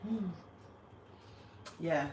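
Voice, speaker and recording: A woman's voice: sits low, extremely slow. A woman with an Angolan accent chatting casually on a livestream, laughing often and mimicking people mockingly. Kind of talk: casual chat. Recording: echoey room, faint background noise.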